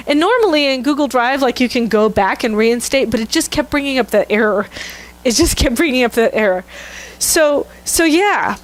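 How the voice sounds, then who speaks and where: A woman's voice: high-pitched, animated, normal speed. A middle-aged woman minister giving a sermon, telling a candid, self-mocking story with laughter to her congregation. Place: church sanctuary.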